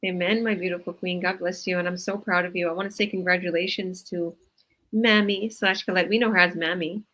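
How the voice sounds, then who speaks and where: A woman's voice: fairly low pitch, fairly even intonation, fairly quick, a bit bright, low-quality recording. Effusive woman hosting a group call. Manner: effusive, religious praise. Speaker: host.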